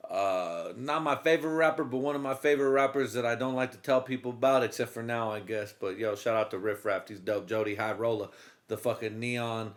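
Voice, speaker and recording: A man's voice: medium pitch, a little fast. A man hosting a comedy podcast, telling a story casually in a profane, rambling way with lots of fillers. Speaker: podcast host.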